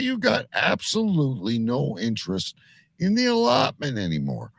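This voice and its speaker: A man's voice: a little high, huge pitch swings, measured pace, creaky, slightly rough, no echo. A man hosting a live show, teasing his guest in profane casual banter. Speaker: host.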